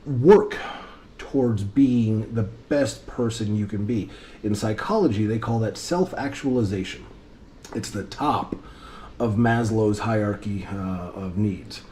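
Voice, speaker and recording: A man's voice: medium pitch, a little mellow. A middle-aged man, an airline pilot, talking earnestly and reflectively to his daughters in a loosely rambling vlog monologue.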